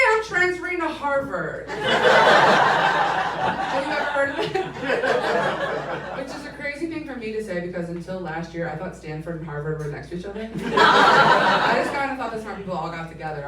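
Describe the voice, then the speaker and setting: A woman in her twenties performing a stand-up comedy set, telling stories in an animated way and acting out the voices of the people in them. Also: lowish voice, heavy background noise. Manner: animated storytelling that acts out quoted voices, laughing between lines. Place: comedy club stage. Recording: roomy live club sound, mic at a distance, loud audience.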